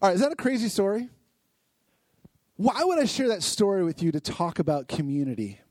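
A man teaching a youth Bible lesson, energetic and asking the group lots of questions. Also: high-pitched, brisk, no room sound. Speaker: youth pastor.

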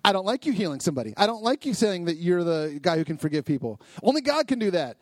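A man voicing indignant male religious leaders in a quick, complaining way. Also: sits high, big pitch swings, dry recording, studio quality.

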